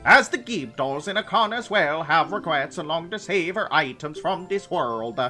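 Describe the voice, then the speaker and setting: A man's voice: fairly high pitch, expressive, moderate pace, sharp tone, faint music behind, pitched above the performer's own voice. A man voicing a proud, defeated ghost ninja master in a dramatic, dubbed-anime style.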